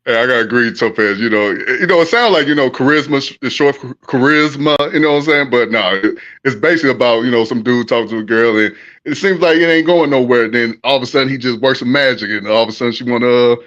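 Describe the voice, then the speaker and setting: A man's voice: medium pitch, fast, fairly bright tone, dull audio. A man co-hosting a casual livestream chat, drawling and chuckling as he talks. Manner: chuckling, drawling, "you know what I'm saying". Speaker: podcast co-host.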